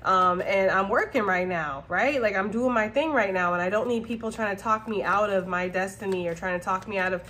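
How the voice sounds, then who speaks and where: A woman's voice: medium pitch, fairly quick, hardly any pauses, fairly bright tone, a little hiss or hum. A woman giving a casual tarot reading, talking bluntly and profanely to her viewers, often laughing and asking "okay?". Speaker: tarot reader.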